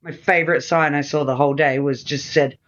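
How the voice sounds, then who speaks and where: An Australian woman co-hosting a podcast, chatting casually about a film and acting out lines from it with animated energy. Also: low voice, a little fast. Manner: animated, acts out characters' lines. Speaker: podcast co-host. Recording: slightly dull lo-fi sound.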